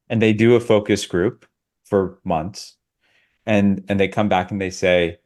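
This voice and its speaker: A man's voice: deep voice, steady tone, measured pace, a little mellow. A man co-hosting a podcast, ranting casually in a sardonic, absurdist way. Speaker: podcast co-host.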